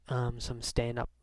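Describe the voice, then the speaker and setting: A man chatting casually to camera as a vlogger, relaxed and full of fillers. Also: medium pitch, no room sound.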